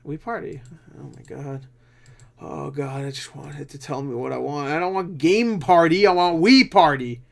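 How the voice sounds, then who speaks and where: A tired young man with a slightly high, gravelly voice mutters and curses his way through casual commentary. He grumbles in a frustrated, self-mocking way and sounds worn out. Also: moderate pace. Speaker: gaming channel host. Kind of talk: casual commentary while browsing online.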